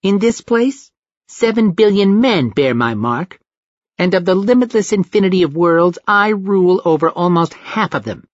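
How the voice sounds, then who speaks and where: A man's voice: high-pitched, lively intonation, normal speed, no echo, voice pushed up. A man voicing a monstrous, cruel alien god that sounds like a toddler and taunts with giggles. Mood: grandiose. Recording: dull dry lo-fi recording.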